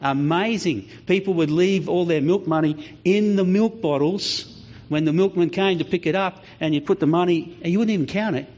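A man's voice: high-pitched, moderate pace. A man preaching a sermon, telling stories and acting out voices along the way. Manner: storytelling preacher, acts out voices, lively. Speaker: pastor. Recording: slightly dull lo-fi sound.

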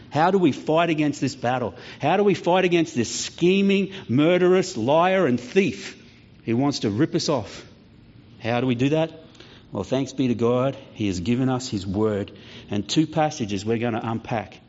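At a moderate pace and medium pitch, a man preaches as a pastor, weaving stories into his sermon and animatedly voicing the characters. The audio is lo-fi and a bit dull.

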